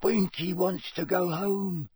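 A squeaky, devoted little house elf. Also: male voice, steady tone, a little mellow, breathy edge, no echo, heavily acted. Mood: sad, hushed. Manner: high, slow and pleading, speaks of himself by name. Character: small excitable male house elf, devoted and tearful. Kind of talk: audiobook character voice.

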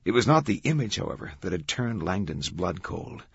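A man narrates an audiobook in a measured, dramatic way. His voice is very low and strongly husky. The recording is dry and slightly dull. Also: big pitch swings, fairly bright tone, no room sound. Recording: dull, dry studio sound.

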